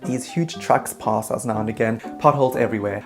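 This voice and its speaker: A man telling a comedic travel story in a vlog, animated and self-mocking, slipping into quick put-on voices. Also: fairly low pitch, soft background music.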